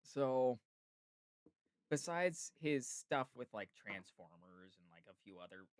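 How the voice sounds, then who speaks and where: A man's voice: medium pitch, lively intonation, slow pace, dry recording, studio quality. A man hosting a casual podcast chat, rambling and laid-back, peppering his talk with "like" and "dude". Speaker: podcast host.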